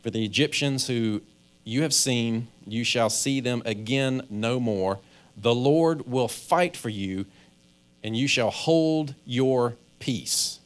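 A man's voice: medium pitch, slow, smooth. Man preaching in a conversational way. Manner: conversational preaching, acts out inner voices, stammers on restarts. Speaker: pastor. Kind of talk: sermon.

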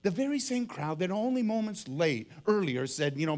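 A middle-aged man preaching a sermon, telling a story dramatically and acting out the voices and shouts of its people. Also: sits high, big pitch swings, normal speed.

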